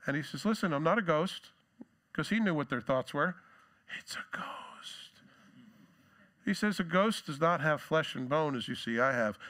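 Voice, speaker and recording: Bright-voiced male pastor preaching. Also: brisk. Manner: conversational preaching with asides and jokes; acts out quoted lines with rising pitch and force. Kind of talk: sermon.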